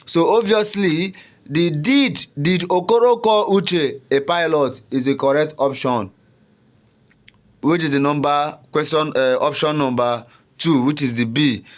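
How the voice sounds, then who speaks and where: A man's voice: a little high, unhurried. A young man tutoring exam students in a casual, repetitive way, often checking in with "you understand?".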